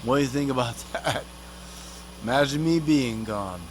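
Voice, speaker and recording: A man's voice: medium pitch, moderate pace, slight background noise. A man in a profane, rambling comic rant, full of street slang and swearing, who sometimes talks about himself in the third person. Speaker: vlogger.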